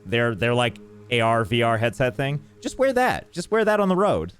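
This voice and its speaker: A man's voice: medium pitch, moderate pace. A man streaming a game and chatting casually, telling ranting stories and answering chat. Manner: animated ranting storyteller, reads chat.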